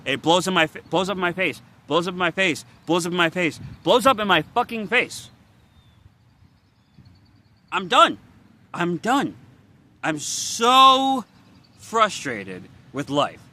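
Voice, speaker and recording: Weary, swearing man with a lively high voice. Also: takes it slowly, long pauses. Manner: frustrated, swearing, venting bluntly. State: weary and worn out. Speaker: vlogger. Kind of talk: confessional vlog rant.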